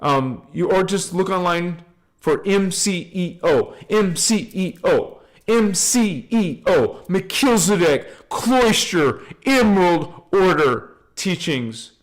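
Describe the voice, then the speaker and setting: A man's voice: high-pitched, lively intonation, slow. Fervent man preaching spiritual oneness. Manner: emphatic, repetitive, chanting and affirming. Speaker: spiritual channel host. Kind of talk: informal spiritual talk.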